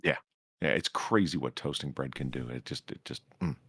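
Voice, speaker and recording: Deep, husky man, fussy and stammering. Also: normal speed, fairly bright tone, no room sound, studio quality. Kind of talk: casual chat.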